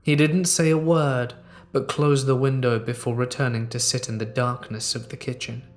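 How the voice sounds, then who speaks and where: A man narrating a horror story in a measured, hushed, suspenseful way. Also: medium pitch, level tone.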